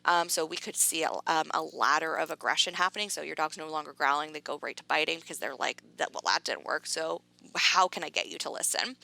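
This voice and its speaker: Woman, dog trainer, chatty teaching, gravelly lower voice, dry close sound. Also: pushed and bright, dry recording. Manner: casual and chatty, lots of fillers, acts out quotes. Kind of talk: educational talk to camera.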